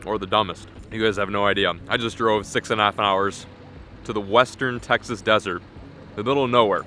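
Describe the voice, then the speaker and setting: A young man vlogging while fishing from a boat on a small lake, excitable and self-mocking, swearing often. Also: lowish voice, fairly quick. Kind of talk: casual vlog talk to camera. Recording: outdoor wind and engine noise.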